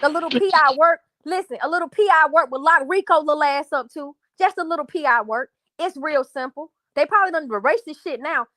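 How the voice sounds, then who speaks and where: High pitched woman going off on a live stream, cussing, keeps repeating herself, dry no room sound. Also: a little fast, hardly any pauses, pushed and bright, dry recording. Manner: angry, profane, repetitive, addresses chat as y'all. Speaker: livestream host. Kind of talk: heated livestream rant to viewers.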